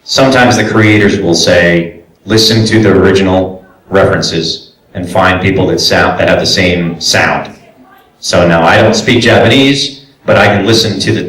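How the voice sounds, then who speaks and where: At a convention panel, the man, a voice actor and director, chats loosely through audience questions, with plenty of fillers and restarts. His voice is low and a bit bright, captured from far off in an echoey room during this casual live Q&A.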